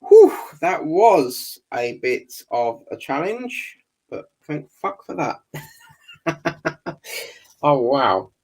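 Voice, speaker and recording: A man with a gravelly voice, chatting casually while building a scale model kit and muttering and swearing under his breath. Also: on the high side, very animated, very slow, long pauses, a little mellow, rough recording. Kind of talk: casual build video chat.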